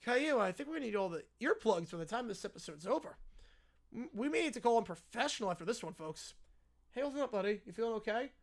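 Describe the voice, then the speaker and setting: A man hosts a mock game show with a dry, deadpan wit. His delivery rides lively ups and downs, and he tosses off wry asides between questions. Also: high-pitched, fast talker. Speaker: host. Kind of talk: comedic parody game show hosting.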